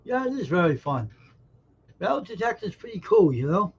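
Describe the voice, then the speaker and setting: A man's voice: high voice, very animated, normal speed, gravelly, slightly rough. Folksy man chatting on a stream. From American South. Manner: folksy, joking, talks straight to chat viewers. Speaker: live stream host. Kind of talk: casual live stream chat, reading viewer comments. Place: indoors at home. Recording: dull lo-fi stream audio.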